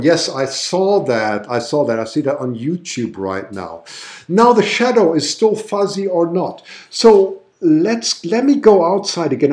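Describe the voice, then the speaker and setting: A man's voice: a little high, darkish tone. A chatty man with a German-tinged accent and a slightly raised voice hosts a live stream. He exclaims often and talks enthusiastically as he reads out viewer comments. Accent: German-tinged English. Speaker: livestream host and photographer. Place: home, then outdoors at night.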